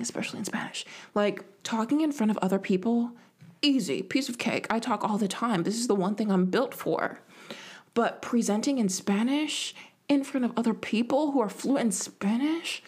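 A young woman talks into a home podcast mic, chatting alone through a rambling story about her day. She mocks herself as she goes and drops into a whisper to act out what others said. Her pitch sits right in the middle for a woman. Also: darkish tone. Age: young adult. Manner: rambling, self-mocking, acts out quotes in whispers. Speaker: podcast host. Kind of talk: casual solo podcast storytelling.

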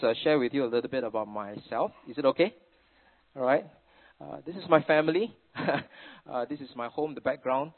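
A middle-aged man with a Singaporean English accent gives a sermon at a middle pitch, full of chatty family stories and Singlish particles. The sound is thin and tinny, as if it came down a phone line. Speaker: preacher.

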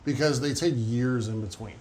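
Man, medium pitch, animated, casual podcast chat, faint background noise. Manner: animated storyteller, quick to agree. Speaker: podcast co-host.

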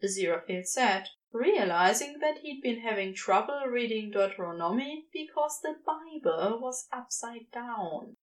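A woman narrating a story in an expressive reading voice. Her pitch sits a little high and moves about a lot. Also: unhurried, few pauses, rough recording. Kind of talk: scripted narration.

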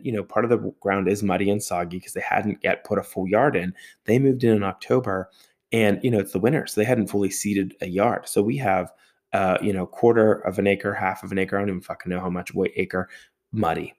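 A man telling a long personal story in a lively way, with sound effects and casual swearing. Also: fairly low pitch, brisk. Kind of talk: storytelling monologue.

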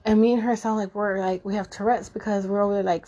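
Woman host, 30s, raw emotional monologue with plenty of swearing and fillers, mid-pitched voice. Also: steady tone, quick pace, mellow, lo-fi sound. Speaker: podcast host. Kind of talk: casual personal monologue.

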